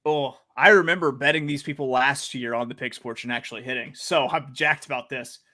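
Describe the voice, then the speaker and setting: A man co-hosting a casual sports betting podcast, hyped and jokey, getting loud when he reads out names. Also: mid-range voice, fairly quick. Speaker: podcast co-host.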